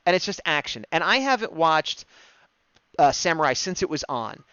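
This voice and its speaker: A man co-hosting a fan discussion show, excitedly rambling through an episode recap and acting out quoted lines. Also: a little high, moderate pace, clean tone, dry recording. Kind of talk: casual recap chat, livestream. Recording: dull, dry, lo-fi stream mic.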